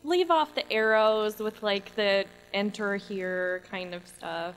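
A woman's voice: medium pitch, takes it slowly, clear, resonant tone, rough recording. A woman co-hosting a comedy podcast, blunt and opinionated with sarcastic asides. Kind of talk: casual comedy chat.

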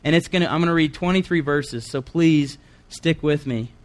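An earnest man delivering a sermon, his voice sitting a little higher than most men's. He reads a long scripture passage aloud and stops now and then to comment on it in plain, conversational words. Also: normal speed. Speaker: preacher.

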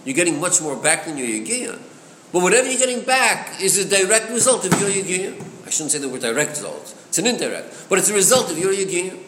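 A Torah teacher moves quickly through a chassidic text, asking rhetorical questions and mixing Hebrew words into his English. His high voice is fairly bright and swings widely in pitch, captured in an echoey, long-reverb room with faint noise.

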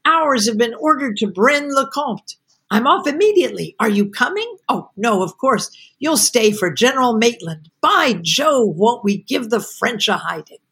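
A woman's voice: on the high side, animated, moderate pace, a bit bright, slightly rough, exaggerated voice. A woman voicing a young male soldier, boyish and eager, read from a novel. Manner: eager, boyish, later weak and tired.

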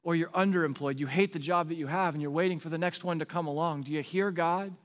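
A man's voice: on the high side, steady tone, fast, big-room sound. A male pastor preaching a sermon in an earnest, pleading way, repeating rhetorical questions to the congregation.

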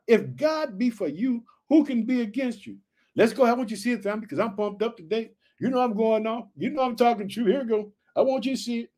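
Pumped up preacher guy, kinda high-pitched, reads scripture then riffs hard, keeps asking did you hear that. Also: lively intonation, fast, mellow. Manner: fired-up, repeats catchphrases and questions to listeners; reads verses aloud then riffs on them. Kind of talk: energetic Bible teaching.

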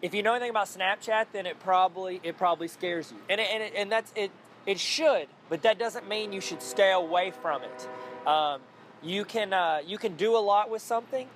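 This casual solo podcast comes from a male host whose voice sits high and moves at a moderate pace, with slight hiss or hum in the background. He's upbeat and jokey, wandering off on tangents and frequently starting over to tease himself.

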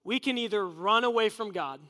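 A man's voice: high-pitched, brisk, pushed and bright, in a large hall. A man preaching a sermon in an earnest, conversational way. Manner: earnest, conversational preaching with acted inner voices.

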